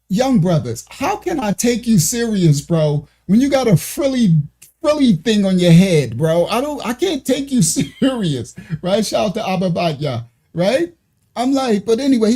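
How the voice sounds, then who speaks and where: A man's voice: sits high, mellow. A man with a New York accent hosting a casual reaction video, teasing and laughing often as he comments. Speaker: host reacting to video clips.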